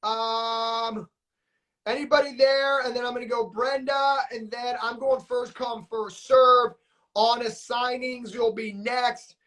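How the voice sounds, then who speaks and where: A man hosting a live coaching stream, talking in an energetic, hyped-up way full of slang and fillers. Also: very high voice, slow pace. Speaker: notary business coach and live-stream host. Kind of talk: live coaching stream, upbeat casual talk.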